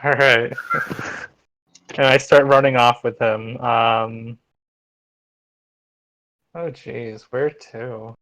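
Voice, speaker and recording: A man's voice: mid-range voice, steady tone, drawn-out words, pauses often, a bit bright, poor audio. A man playing a tabletop game online who eagerly says what his character does. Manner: eager, declaring actions. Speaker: player.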